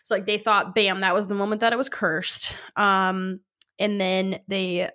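A young woman co-hosting a podcast in easy, casual chat. She talks at a middling pitch, filling pauses with lots of "um" and "like" and laughing often. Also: flat delivery, pushed and bright. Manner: chatty, laughs often, many fillers. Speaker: podcast co-host.

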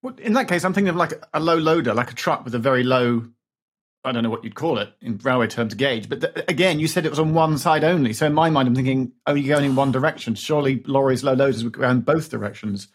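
A man's voice: mid-range voice, fast, husky. A man on a podcast panel, thinking aloud and reasoning through guesses step by step. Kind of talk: casual podcast chat.

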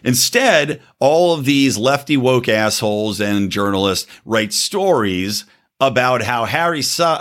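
A man's voice: mid-range voice, expressive, measured pace, a bit bright. Blunt, sarcastic male podcast ranter. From United States. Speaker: podcast host. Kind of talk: opinion rant.

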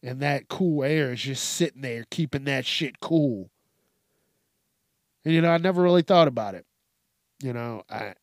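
A man's voice: mid-range voice, creaky, dry recording, clean studio sound. A man hosting a casual solo podcast, rambling and swearing through jokey rants, slipping into mocking quoted voices and laughing at himself. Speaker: podcast host.

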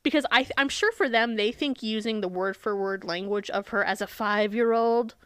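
A woman's voice: mid-range voice, normal speed, fairly bright tone, clean tone, no echo, studio quality. A woman co-hosting a podcast in casual chat, sarcastic and swearing often as she retells a book. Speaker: podcast co-host.

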